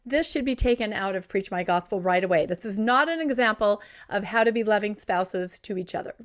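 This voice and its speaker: A woman from Utah co-hosting a podcast, speaking in an animated, expressive way. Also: mid-range voice, a little fast. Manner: animated and expressive, ranting and laughing easily. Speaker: podcast co-host. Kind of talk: casual chat.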